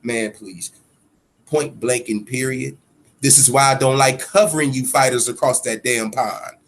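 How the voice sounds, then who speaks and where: Fired-up man ranting on his podcast. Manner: heated, profane ranting with sudden swells in pitch and loudness; repeats himself for emphasis. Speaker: boxing podcast host. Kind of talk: solo podcast commentary.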